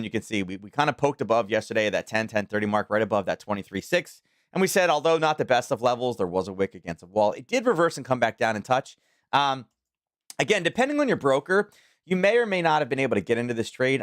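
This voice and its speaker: A man's voice: medium pitch, no room sound, clean studio sound. A man from Maryland hosting a live trading stream, talking in a casual, rambling way with many fillers and restarts. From Maryland, USA. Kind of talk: casual live market commentary.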